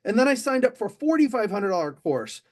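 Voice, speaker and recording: A middle-aged man, a motivational speaker, telling an animated story on stage and speaking straight to a live audience. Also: high voice, fast talker. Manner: animated, addresses the audience directly.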